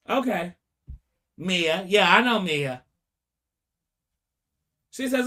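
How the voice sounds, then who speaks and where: A man's voice: high-pitched, drawn-out words, pauses often. A man giving casual, dramatic commentary, talking straight to his viewers and acting out the people he quotes. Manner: animated and dramatic, acts out quotes, talks to viewers directly. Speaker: commentary vlogger. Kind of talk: casual commentary retelling court testimony.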